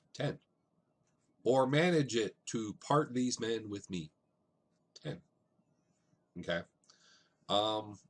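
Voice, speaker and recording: A male teacher walks through a play in a casual lecture, dropping "um"s and checking in with "right?". His voice sits low and a little husky, and he keeps the tone easy and conversational.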